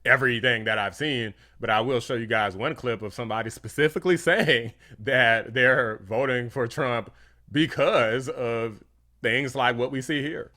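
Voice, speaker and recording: A man's voice: medium pitch, moderate pace, pushed and bright. A man commenting on clips for his channel in a casual, slangy, dismissive way. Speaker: YouTube commentator. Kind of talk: reaction video commentary.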